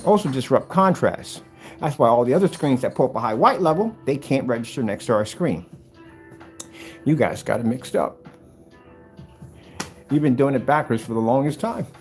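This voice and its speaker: A man demonstrating projector screen paint in a combative, animated way, talking straight to his critics. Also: medium pitch, moderate pace, long pauses, faint music behind. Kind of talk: product demonstration rant.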